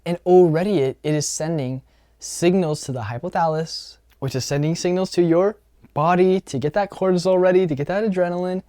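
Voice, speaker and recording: A man's voice: high voice, a little fast, warm tone, no room sound, clean studio sound. A man giving an earnest self-help talk as a coach, often repeating phrases for emphasis. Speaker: social skills coach.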